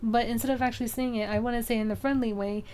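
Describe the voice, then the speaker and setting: A woman's voice: fairly high pitch, fairly even intonation, fast, darkish tone, slight background noise. A young woman streaming, chatting casually and rambling with lots of fillers. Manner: rambling, many fillers, frequent laughs.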